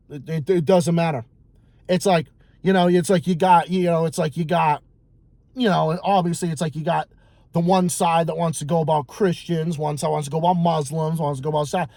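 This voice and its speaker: Man, high voice, heated profane rant, repeats himself, dry close sound. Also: darkish tone, dry recording. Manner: heated, profane, repetitive ranting. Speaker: vlogger. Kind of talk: ranting monologue.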